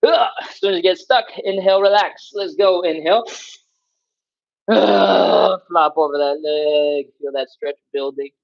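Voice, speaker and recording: A man's voice: sits high, measured pace, gravelly, dull audio. Man coaching a stretch class, breathing hard. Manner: energetic, coaching cues and counting aloud; breathing hard, sighs and grunts while stretching along. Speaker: fitness instructor. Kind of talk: live stretching class instruction.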